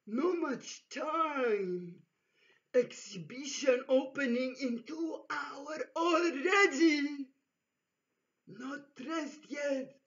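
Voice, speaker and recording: A woman voicing a wild male yeti who speaks in slow, broken, clipped phrases, on a dull lo-fi recording. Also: high voice, recorded from a distance, pitched above the performer's own voice. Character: wild hairy male yeti, hurried and halting.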